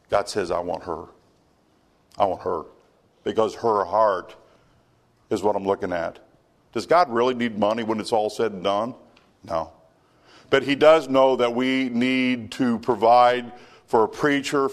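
A male pastor preaching a sermon, emphatic, with many rhetorical questions and stammered restarts. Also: mid-range voice.

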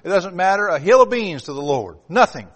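Emphatic male preacher, slightly high voice. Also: big pitch swings, fairly quick. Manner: emphatic, repetitive cadence with swells in loudness. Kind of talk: sermon.

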